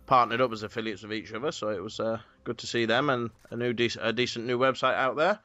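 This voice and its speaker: Bright-voiced podcast host. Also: male voice, medium pitch, steady tone, fast talker, no echo, muffled recording. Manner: rambling, filler-heavy planning talk. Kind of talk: casual podcast chat.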